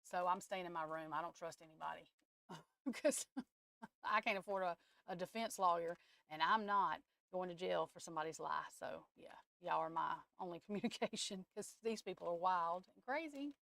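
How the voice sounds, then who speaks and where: A woman's voice: lowish voice, a little fast, gravelly, few pauses, fairly bright tone, no room sound. A woman, hosting a livestream from home and chatting bluntly and openly with her viewers, cursing now and then. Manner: chatty and blunt, curses, talks straight to her chat. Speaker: tarot reader and livestream host. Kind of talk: casual livestream chat.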